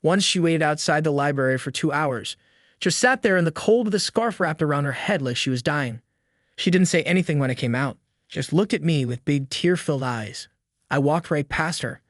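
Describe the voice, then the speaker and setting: A man's voice: on the high side, brisk, no echo. Somber male story narrator, dry sound. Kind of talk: scripted first-person story narration.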